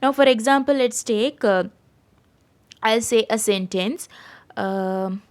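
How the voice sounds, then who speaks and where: A woman from Sri Lanka teaching grammar over a screen-share lesson. Her voice sits a little high and she talks patiently and clearly. She pauses often to check that the children are following. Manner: explains patiently, keeps checking with "right?". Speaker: English teacher. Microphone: screen-share voice recording.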